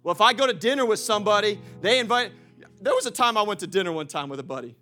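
A young man preaching a sermon to his congregation, lively and direct, swinging from loud calls to quiet storytelling and laughing often. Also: high voice, fast talker, faint music behind. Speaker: pastor.

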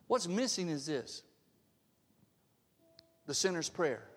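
A man's voice: fairly high pitch, very animated, slow, pauses often, long reverb tail. A male pastor preaching a sermon, emphatic, often asking the congregation questions. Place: church sanctuary.

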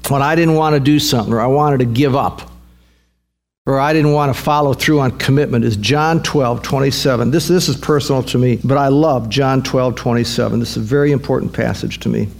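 A male pastor preaching a sermon, emphatic and repetitive, building to fervent peaks. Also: mid-range voice.

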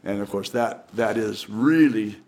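A man's voice: on the low side, unhurried, a little mellow, a little hiss or hum. An older man, a professional magician, telling stories casually in an interview, rambling with frequent restarts.

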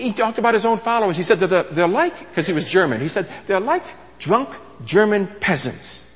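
A man preaching a sermon with a fairly high, very lively voice that rises and falls widely. He teaches in a conversational way, stopping to ask rhetorical questions and restarting phrases. His voice carries a long reverb from a big hall.

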